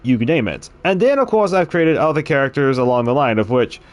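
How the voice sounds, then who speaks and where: A man's voice: medium pitch, fairly quick, dry recording. A man streaming a game, chatting casually and telling rambling stories with frequent chuckles. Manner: rambling, chuckling, animated storytelling. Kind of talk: casual chat on a livestream.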